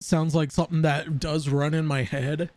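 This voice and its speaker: A man's voice: on the high side, flat delivery, moderate pace, darkish tone, no room sound. A man live-streaming casual commentary, rambling and often stammering over repeated words.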